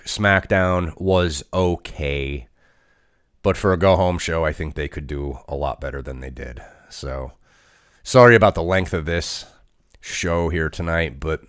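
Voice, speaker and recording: Male podcast host, deep voice, casual recap style with fillers, dry close mic. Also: clear, resonant tone, no room sound. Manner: conversational, with frequent fillers. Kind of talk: casual solo wrestling review.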